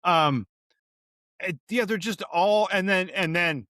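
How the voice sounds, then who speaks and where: A man's voice: high-pitched, slow, pushed and bright, dry recording, clean studio sound. A man co-hosting a podcast, recapping a TV episode in casual chat, sardonic and profane with heavy sighs. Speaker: podcast co-host.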